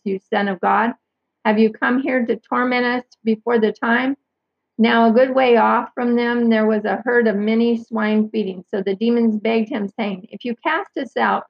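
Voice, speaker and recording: A woman reading Bible passages aloud and commenting, carefully pausing to clarify who each pronoun means. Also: fairly high pitch, husky, no room sound. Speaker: Bible teacher. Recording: dull lo-fi sound.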